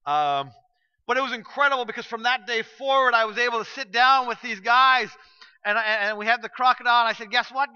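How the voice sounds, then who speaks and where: Pastor, male, high bright voice, smooth delivery, dramatic storyteller sermon, dull lo-fi church recording. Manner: storytelling, dramatic shifts from loud to hushed. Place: church sanctuary.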